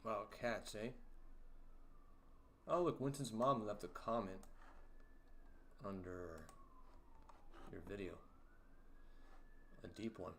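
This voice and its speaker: A man hosting a casual livestream, talking slowly in a low-key way with lots of fillers that can come across as sarcastic. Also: a bit bright, a little hiss or hum. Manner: slow, low-key talk with many fillers, sounds sarcastic. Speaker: livestream host.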